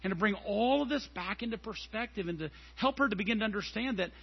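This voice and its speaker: A middle-aged man preaching a sermon as a pastor, animated and telling stories. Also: high voice, fast talker, vocal fry, breathy edge, lo-fi sound. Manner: animated and storytelling, acting out scenes.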